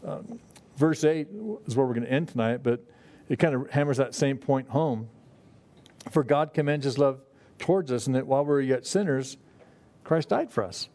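A man's voice: medium pitch, moderate pace, dark tone. Casting middle-aged male lay preacher, folksy and conversational, mid-range voice, loose delivery full of fillers. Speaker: pastor. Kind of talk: Bible study teaching.

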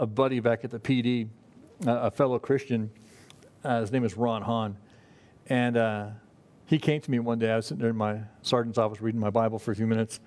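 A man's voice: medium pitch, a little mellow. A middle-aged man leads an evening Bible study in an easygoing, conversational way. His voice sits in an ordinary middle range, and he talks plainly, stopping and restarting as he goes. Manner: conversational, folksy, many fillers and restarts. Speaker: pastor.

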